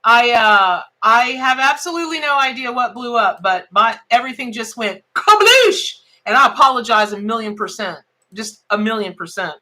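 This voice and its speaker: A woman's voice: fairly high pitch, expressive, moderate pace, hardly any pauses, sharp tone. A middle-aged woman, hosting a casual live-stream tarot reading in a chatty, exclamatory, folksy way.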